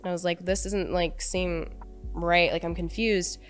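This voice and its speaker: A young woman on a podcast recounts something personal and emotional, wandering off track and leaning heavily on "like." Her lowish voice is flat and measured, over soft background music.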